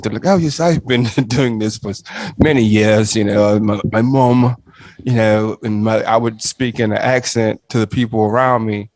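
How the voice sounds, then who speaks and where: A man's voice: medium pitch, dry recording. A man hosting a casual chat, playful and jokey, laughing often. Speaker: show host.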